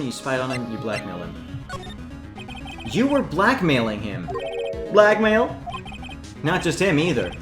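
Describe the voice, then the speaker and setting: A man voicing an earnest young male defense lawyer who talks in a direct, accusing way. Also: on the high side. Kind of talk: fan voicing of a game playthrough. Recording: roomy echo, game music. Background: game music.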